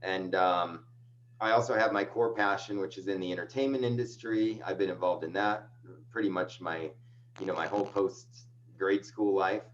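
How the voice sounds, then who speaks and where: Low-voiced man, rambling guest on a call. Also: normal speed. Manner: rambling, self-deprecating storyteller. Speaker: guest, agency owner. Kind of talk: casual video call interview. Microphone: video call microphone. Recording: dull lo-fi video call with faint hum.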